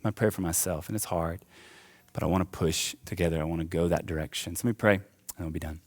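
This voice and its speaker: A man's voice: sits low, fairly even intonation, quick pace. A young adult man preaching a sermon in a church, impassioned and building in waves, then easing into casual, chatty asides. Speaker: pastor. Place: church auditorium.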